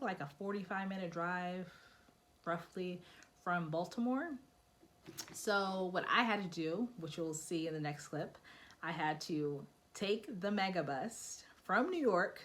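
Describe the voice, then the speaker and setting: Chatty young woman vlogger, lowish voice. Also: a bit bright. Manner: chatty, acts out quoted dialogue. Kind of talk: casual advice vlog.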